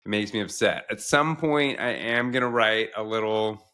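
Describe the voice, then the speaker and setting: A man's voice: fairly low pitch, moderate pace, pushed and bright, clean tone. A young adult man, a doctor co-hosting a podcast, talking in an earnest, reflective, emotional way. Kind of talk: casual podcast chat.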